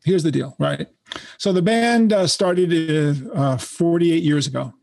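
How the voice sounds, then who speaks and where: A man's voice: on the high side, measured pace, gravelly, a little mellow. Brash older New York man telling stories. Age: 60s. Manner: brash, profane storyteller. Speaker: guest musician. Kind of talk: casual interview storytelling.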